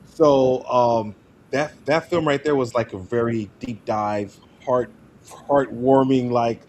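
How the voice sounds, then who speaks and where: A man of average pitch speaking as an actor guest in a relaxed podcast chat. He talks in an animated way and often laughs mid-sentence. A faint hiss sits under the recording. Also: takes it slowly. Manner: animated, laughs while talking. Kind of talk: casual podcast interview.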